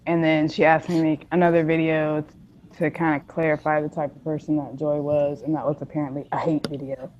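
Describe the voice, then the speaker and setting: Woman, very low voice, blunt, casual chat, dull recording. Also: level tone, brisk. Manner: blunt, explaining with swearing. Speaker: stream guest.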